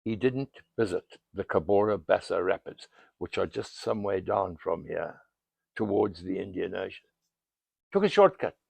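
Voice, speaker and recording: An older man from South Africa, an explorer telling history as a dramatic storyteller, with a gravelly, husky voice and bursts of emphasis. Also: low-pitched, steady tone, moderate pace, darkish tone, no room sound. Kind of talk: storytelling monologue outdoors.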